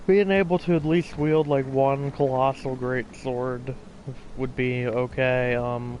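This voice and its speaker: A man's voice: mid-range voice, fairly even intonation, slow, lo-fi sound, slight background noise. A man casually narrating over his gameplay, rambling and a little tired, swearing now and then. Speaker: gaming channel host. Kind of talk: casual gameplay voiceover commentary.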